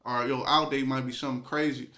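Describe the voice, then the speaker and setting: A man's voice: mid-range voice, little pitch movement, fast, bright, forceful tone. A man hosting a podcast, talking in an emphatic, repetitive, rallying way in a casual conversation. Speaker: podcast host.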